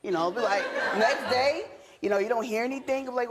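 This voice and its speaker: A woman telling a courtroom story about her husband, animated and acting out her own thoughts. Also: fairly high pitch, brisk, few pauses, slightly rough. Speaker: wife in a court case.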